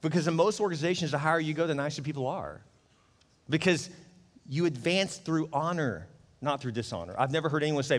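A middle-aged pastor preaches in a relaxed, conversational way, slipping into the voices of the people he quotes. His voice sits a little high for a man, and a long reverb from a large hall trails after his words. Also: a little fast. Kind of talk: sermon.

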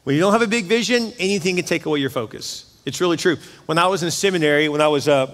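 A man's voice: fairly high pitch, fast talker, a bit bright. A middle-aged male pastor preaching a sermon in a church, talking conversationally and with energy, often turning to ask the congregation questions. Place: church sanctuary. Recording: long hall reverb.

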